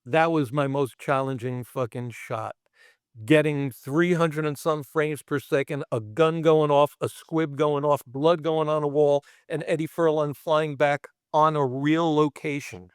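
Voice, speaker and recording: Middle-aged brooklyn guy telling set stories, curses a lot, does sound effects, kinda high voice, dry close mic. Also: unhurried, smooth, no room sound. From Brooklyn, New York. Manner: profane and animated, acting out sound effects. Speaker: podcast guest, special effects artist. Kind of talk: casual storytelling.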